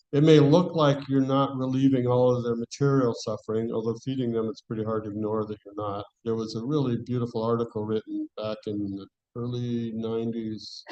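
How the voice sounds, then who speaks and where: A class speaker leads a scripture class in a mellow, warm, mid-range male voice, addressing the audience conversationally. He restarts phrases as he thinks, and the sound is lo-fi.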